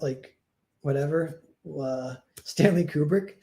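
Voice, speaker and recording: A man's voice: fairly high pitch, fairly even intonation, measured pace, warm tone, roomy sound. A young man chatting casually on a livestream, rambling and self-deprecating, acting out quoted dialogue as he tells stories. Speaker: streamer and comic artist.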